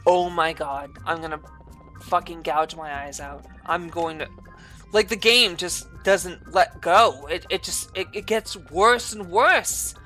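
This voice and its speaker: A woman runs her gaming channel, cursing constantly through ranting commentary on her play. Unhurried and fairly bright in tone, she shifts from low muttering to screaming fits while soft music plays behind her.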